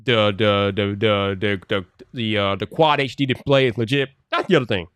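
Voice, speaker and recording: A man's voice: fairly low pitch, moderate pace, a bit bright, clean tone, no echo. A man hosting a casual tech live stream and chatting to viewers' comments. He talks in loose slang, stumbles over repeated words and grows exasperated when things glitch.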